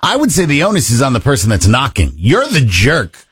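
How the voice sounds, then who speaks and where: A man's voice: mid-range voice, wildly swooping pitch, a little fast, a bit bright, breathy edge, no room sound, clean studio sound. A man co-hosting a radio show, ranting indignantly in casual banter. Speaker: radio co-host.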